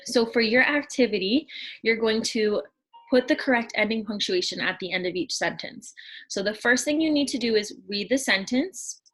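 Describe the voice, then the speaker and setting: Woman teaching little kids, patient and slow, explains every step. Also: fairly high pitch, a bit bright, rough recording. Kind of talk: classroom lesson for young children.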